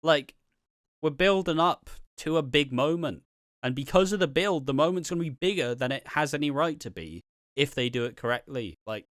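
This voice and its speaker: A man co-hosting a podcast, giving an animated, opinionated rant with plenty of swearing. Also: on the high side, moderate pace, dry recording, studio quality. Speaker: podcast co-host.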